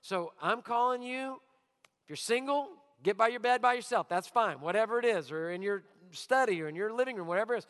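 A middle-aged man delivers a sermon with a high, ringing voice and bright, forceful edge. He drives his points home by repeating them. The sound carries a long hall reverb, as in a large church auditorium. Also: fairly quick. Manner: emphatic, repeats key lines, acts out listeners' voices. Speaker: pastor.

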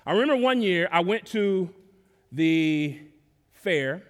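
A man from Dallas, preaching a sermon in a relaxed, conversational way, with casual slang and sudden rises in volume. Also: high voice, takes it slowly. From Dallas, Texas. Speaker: pastor. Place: church sanctuary. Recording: long reverb of a large hall.

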